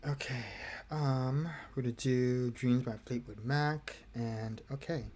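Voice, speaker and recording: Male livestream host, relaxed and rambling, fills the gaps between songs with loose chatter and frequent chuckles. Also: medium pitch, takes it slowly, slight background noise. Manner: rambling, laid-back, chuckles often. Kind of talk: casual chat between songs.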